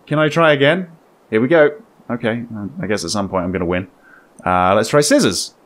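A man casually commenting as he plays a game, chatty and joking, reacting out loud to what happens. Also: mid-range voice, big pitch swings, normal speed. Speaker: gaming YouTuber. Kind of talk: let's play commentary.

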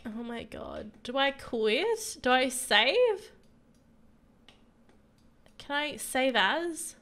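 A woman's voice: high voice, sing-song, drawn-out words, pauses often, a bit bright. A young woman doing casual, laughing gameplay commentary with dramatic exasperated outbursts. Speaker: gaming youtuber.

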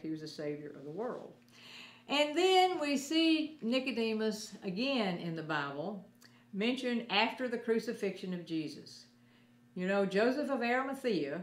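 A woman teaching a children's Sunday school lesson, gently explaining things step by step as she talks to children. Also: mid-range voice, roomy sound.

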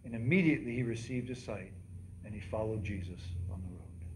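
A pastor with a lowish voice preaches briskly in a church sanctuary, quizzing his listeners and dramatically voicing the cries of the scripture story. A little hiss or hum runs under the recording.

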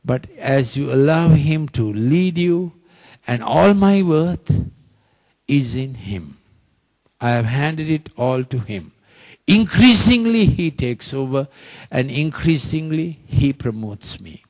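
A man's voice: on the high side, sing-song, slow pace, a little mellow. A man preaching a sermon, repeating phrases emphatically and leading the congregation in call-and-response.

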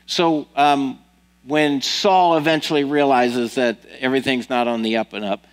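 A man's voice: medium pitch, fairly even intonation, moderate pace, smooth, low-quality recording. A male pastor preaching a sermon, retelling a story with casual asides to the congregation. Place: church.

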